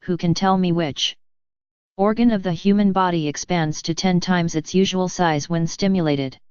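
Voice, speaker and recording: A woman's voice: on the low side, fairly even intonation, moderate pace, a little mellow, smooth, no room sound, lo-fi sound, close to an everyday voice. A woman reading as a stern schoolteacher. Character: stern female sixth-grade science teacher.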